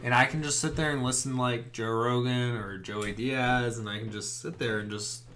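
A man's voice: mid-range voice, fairly even intonation, normal speed, crowd noise. A man guesting on a podcast who works in home building, chatting casually in a rambling way full of "like". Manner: rambling, leans heavily on "like". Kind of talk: casual chat.

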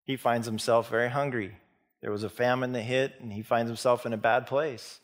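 Guy preaching a sermon, chatty storytelling, lots of restarts, middle pitch. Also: fairly even intonation, a little fast. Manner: conversational storytelling with frequent restarts and acted-out quotes. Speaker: pastor.

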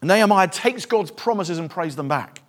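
A male preacher giving a sermon with passion, swinging from hushed, reflective stretches to loud, fervent appeals. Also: high voice, expressive, normal speed.

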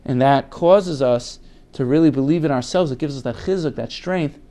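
A man's voice: medium pitch, moderate pace, mellow. Earnest man teaching a Torah class. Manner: earnest, repeats words for emphasis; reads Hebrew quotes aloud and then translates them.

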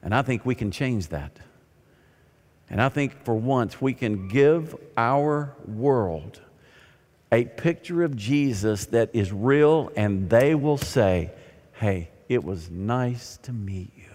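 A man's voice: mid-range voice, animated, takes it slowly. Man preaching in an echoing hall. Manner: dramatic, swings from loud emphasis to soft near-whispers. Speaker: pastor. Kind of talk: sermon. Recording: long hall reverb with faint music.

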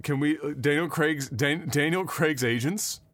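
Casual podcast co-host, male, higher voice, dry close-mic sound, excitable and profane. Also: a little slow, no echo. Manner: animated, swears a lot, rambling restarts. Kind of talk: casual chat.

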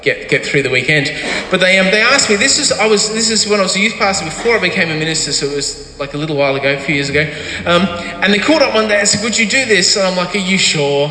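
Animated high-voiced preacher. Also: male voice, roomy sound, long reverb tail, rough recording. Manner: animated storytelling, acting out quotes. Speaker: pastor. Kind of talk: sermon.

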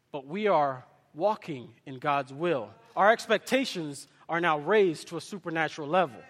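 High-voiced preacher in an echoing hall. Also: male voice, a bit bright. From Kenya. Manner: impassioned preaching with storytelling asides. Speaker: pastor. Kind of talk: sermon.

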